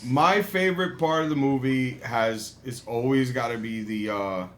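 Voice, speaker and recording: A man's voice: mid-range voice, normal speed, a bit bright, a little hiss or hum. Rambling, swearing male podcast host. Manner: rambling, profane, laughs often. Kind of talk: casual chat.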